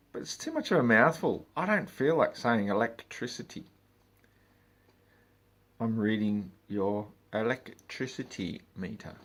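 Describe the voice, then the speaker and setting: A man's voice: on the low side, fairly bright tone. A man, ranting in a vlog about his work as a meter reader, swearing and exasperated.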